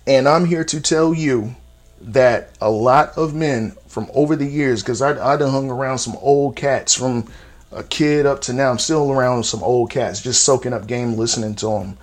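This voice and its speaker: This thirtysomething podcast host talks alone and casually, cursing freely and never softening his words. He has a medium-pitched voice and a moderate pace, with sharp upward jumps when he wants to emphasize something.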